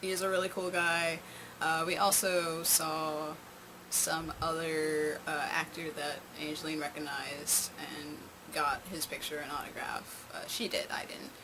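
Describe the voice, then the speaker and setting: A woman's voice: low-pitched, level tone, a little slow. Rambling young woman with background noise. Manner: rambling, many fillers and restarts. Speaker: vlogger. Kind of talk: casual storytime chat. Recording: noisy home recording.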